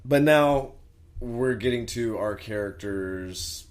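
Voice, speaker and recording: A man's voice: medium pitch, slow. A young man co-hosting a podcast, chatting casually about a film, rambling and trailing off with casual swearing. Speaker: podcast co-host.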